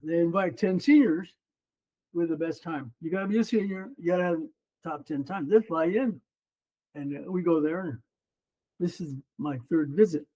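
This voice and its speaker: A man in his seventies, a former runner and coach, telling stories as a guest on an interview podcast in a lively, animated way. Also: fairly high pitch, moderate pace, rough recording. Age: 70s. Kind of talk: casual storytelling interview.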